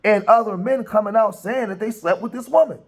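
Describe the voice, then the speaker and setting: A man delivers casual news commentary in a somewhat raised voice, pausing often and restarting his sentences with plenty of filler sounds. His speech comes across as loose and unscripted. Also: high voice. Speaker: commentary channel host.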